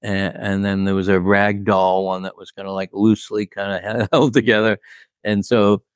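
A man's voice: fairly low pitch, level tone, normal speed, clear, resonant tone, dry recording. A man, a record producer, telling studio stories in a rambling, casual way, full of "like" and "you know", laughing at his own anecdotes. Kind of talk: casual storytelling.

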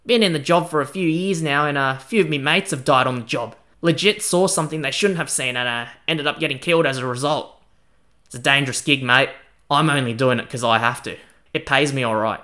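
A man voicing a cheery, slangy male night watchman from an old Chinese city, speaking loudly and casually. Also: mid-range voice, brisk, lightly acted. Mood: wry, weary. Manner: loud, matey, casual, full of slang.

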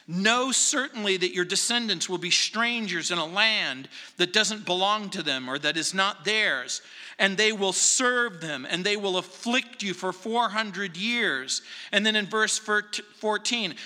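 A man pastor preaching a verse-by-verse sermon in an earnest, emphatic way with dramatic pauses, recorded in a church sanctuary. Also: high-pitched, pushed and bright. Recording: echoey hall reverb.

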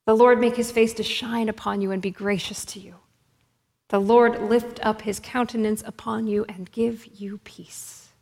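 Woman putting on a scared young mom in a storybook, quiet and hushed, long echoey hall. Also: mid-range voice, moderate pace, natural voice. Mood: gentle blessing. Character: frightened young village mother.

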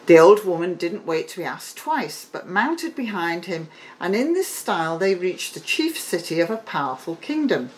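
A woman on the library staff reading a fairy tale aloud in an expressive storytelling manner. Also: on the low side, moderate pace.

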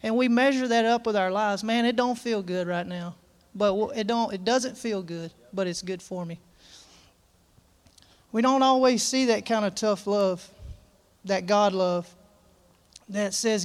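A man preaches to his congregation in a high, clear voice. His delivery is earnest and folksy, full of restarts and plain country talk as he reads scripture and speaks from the heart. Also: normal speed. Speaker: pastor. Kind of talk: sermon. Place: church.

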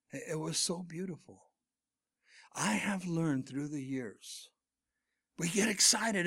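The speaker is a middle-aged man, a pastor, whose voice leans toward the high side. During his sermon he varies sharply between loud emphasis and barely-above-a-whisper hush.

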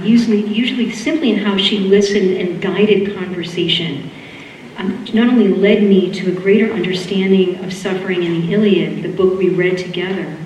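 Boston-accented woman host, rambling intro full of "um"s, distant mic in a reverberant hall. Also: fairly low pitch. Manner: warm rambling with fillers and laughs. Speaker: school event host introducing speakers. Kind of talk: live lecture introduction. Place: lecture hall. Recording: echoey hall, distant mic, faint room noise.

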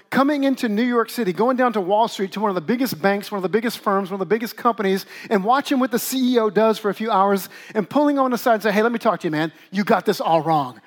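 A middle-aged man, a pastor, preaching a conversational sermon with lively asides to the congregation. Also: high-pitched.

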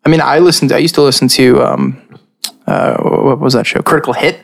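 A man hosting a tabletop game podcast, chatting casually in a rambling, animated way and laughing often. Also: medium pitch, brisk, gravelly. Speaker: podcast host and dungeon master.

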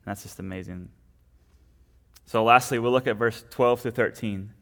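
A man with a fairly low voice preaches a sermon in a conversational way. He often tags his points with "right?" and restarts his sentences as he goes. He sounds like a young adult. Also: moderate pace, gravelly, pauses often, fairly bright tone.

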